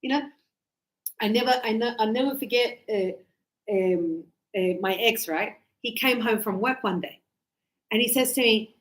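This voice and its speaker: Chatty woman teaching English, high pitch, roomy echo. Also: normal speed. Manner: lively, chatty, acts out everyday dialogues. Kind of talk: classroom English lesson. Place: classroom.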